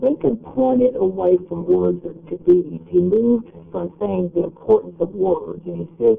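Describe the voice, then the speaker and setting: A man giving an explanatory lecture in a measured, step-by-step way. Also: high-pitched, creaky, narrow, tinny audio.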